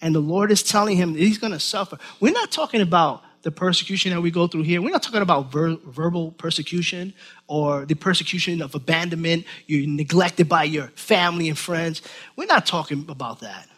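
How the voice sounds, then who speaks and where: A man with a high-pitched voice delivering an animated sermon. He acts out scripture scenes with bursts of emphasis, then drops to hushed, reflective asides. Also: brisk. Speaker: preacher.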